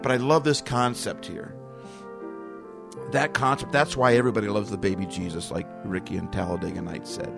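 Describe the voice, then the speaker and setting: Earnest low-voiced man, gravelly. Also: fairly even intonation, fairly quick. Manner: earnest, emotional, repeats key phrases. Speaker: podcast host. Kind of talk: reflective solo podcast talk. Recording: music playing underneath.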